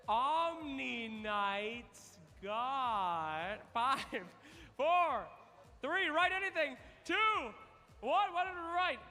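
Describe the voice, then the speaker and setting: A man hosting a live trivia contest on stage at an esports event, energetic and teasing, calling out to the crowd. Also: very high voice. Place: large event hall on stage. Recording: long reverb of a big hall.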